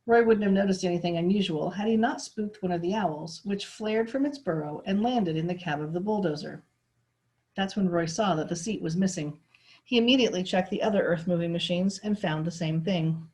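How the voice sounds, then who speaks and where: A woman teacher reads a novel aloud in a steady, expressive way. Her voice sits a little low. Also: a little fast.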